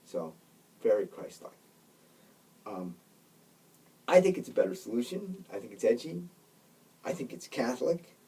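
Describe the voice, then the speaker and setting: A man gives casual storytelling commentary, emphatic and constantly checking in with his listeners. His voice is mid-pitched and a little husky. The microphone sits some distance away. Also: big pitch swings, moderate pace, pauses often, dark tone. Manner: emphatic, keeps checking in with "right?" and "okay?". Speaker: Catholic commentator.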